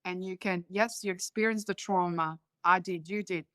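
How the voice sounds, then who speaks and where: A woman's voice: fairly low pitch, steady tone, normal speed, fairly bright tone, clear, resonant tone, no echo, clean studio sound. Croatian-accented woman in her fifties. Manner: rambling storytelling with non-native grammar slips. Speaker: guest. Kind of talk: casual conversation.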